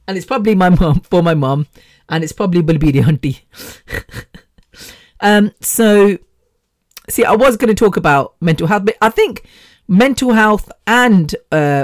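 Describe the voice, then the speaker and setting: A woman's voice: fairly low pitch, lively intonation, moderate pace, pauses often, no echo, clean studio sound. A woman in her fifties hosting a podcast alone, rambling and chatty with the odd swear word. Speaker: podcast host. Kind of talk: casual solo podcast chat.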